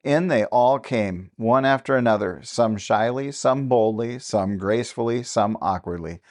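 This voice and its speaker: A man narrating a classic novel as an audiobook, with steady, even-paced storytelling. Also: mid-range voice, measured pace.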